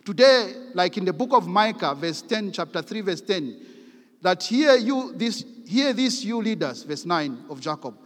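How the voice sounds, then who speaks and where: A man's voice: high voice, sing-song, unhurried, fairly bright tone. A man preaching a sermon, reading scripture aloud with emphatic, rising force. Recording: long hall reverb.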